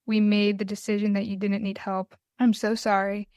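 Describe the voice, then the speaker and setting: A woman's voice: medium pitch, little pitch movement, a little mellow, clean tone, no room sound. Woman reading a tearful poem. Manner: emotional, halting and tearful. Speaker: podcast guest, mental health advocate. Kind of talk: reading her own poem aloud, then conversational interview.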